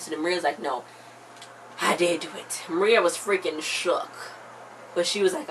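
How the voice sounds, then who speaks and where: A woman's voice: on the low side, moderate pace, a bit bright, slight background noise, low-quality recording. A young woman hosting a TV episode recap in casual chat, retelling scenes in quoted voices and laughing often.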